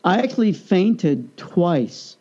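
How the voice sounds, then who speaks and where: A man's voice: sits high, slow pace, muffled recording. A man in a casual chat, animatedly telling personal stories and acting out the voices of the people in them. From United States. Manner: animated storyteller, acts out quoted voices.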